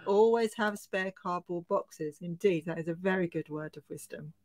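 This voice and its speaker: A woman's voice: on the low side, moderate pace, darkish tone. A woman co-hosting a casual live-stream chat, laughing often as she reads comments aloud. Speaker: co-host.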